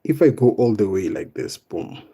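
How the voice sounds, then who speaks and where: A young man teaching math in a live online exam revision lesson, casual and step by step, often tagging on "right?" and "boom". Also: expressive, moderate pace, mellow, husky. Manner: explains step by step, coaxing students.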